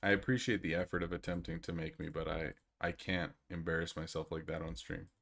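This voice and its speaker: A young man with a lowish voice chats casually with his stream audience, rambling along and often laughing at himself. He speaks into a desk microphone. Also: steady tone, a little fast, gravelly, a bit bright. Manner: laughing, rambling, self-deprecating. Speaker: game streamer. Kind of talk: casual live-stream chat.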